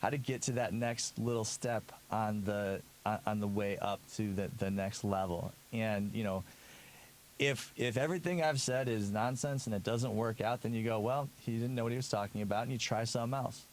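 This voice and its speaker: A man's voice: on the low side, moderate pace, slight background noise. Rambling male radio host in a garage. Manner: rambling, many restarts, dry joking. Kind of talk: casual radio chat. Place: home garage studio.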